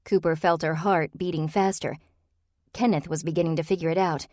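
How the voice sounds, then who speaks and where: Woman reading a mystery audiobook, low steady voice, dry close sound. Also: fairly quick, dry recording. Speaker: audiobook narrator. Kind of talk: scripted narration.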